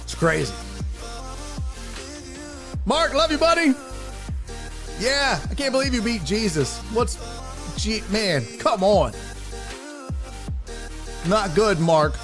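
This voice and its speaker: A man's voice: high voice, expressive, slow pace, long pauses, music in the background. A man hosting a live-streamed sports talk show, ranting with lots of profanity and answering viewer chat.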